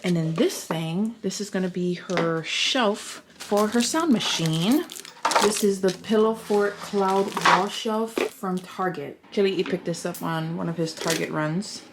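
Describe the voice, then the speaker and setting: A young woman vlogs casually at home, chatting and thinking aloud as she does chores and moves from room to room, sometimes out of breath. Her voice sits on the low side and comes a little slow. It's picked up on a handheld camera with a lot of background noise.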